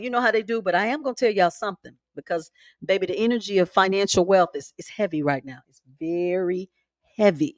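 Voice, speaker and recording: A woman's voice: medium pitch, brisk, no room sound. Chatty woman hosting a spiritual live stream. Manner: chatty, animated, emphatic, folksy. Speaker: spiritual content creator, live host. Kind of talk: casual live-stream talk. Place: home.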